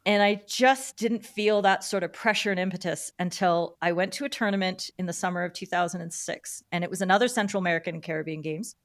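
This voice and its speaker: A middle-aged woman from Canada, a guest on a podcast, telling stories about her career in a lively, casual way and acting out the voices of the people in them. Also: fairly low pitch, quick pace, few pauses. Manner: animated storyteller who acts out quoted dialogue. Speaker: podcast guest, field hockey umpire. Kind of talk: casual interview storytelling.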